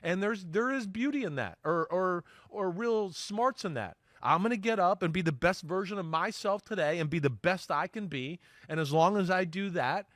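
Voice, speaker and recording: A middle-aged man with a fairly high voice breaks down football as an analyst on a sports talk show. He talks in an animated way, slips into quoted voices and keeps tossing in "right?". The sound is close and dry. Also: normal speed, hardly any pauses, no echo. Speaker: sports analyst, former NFL player.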